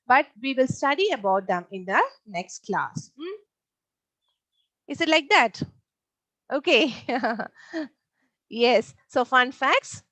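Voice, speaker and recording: A woman's voice: high-pitched, a bit bright, no echo, rough recording. Woman teacher repeating points. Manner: repeats points, asks pupils rhetorical questions. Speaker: online science teacher. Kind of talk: live online class teaching.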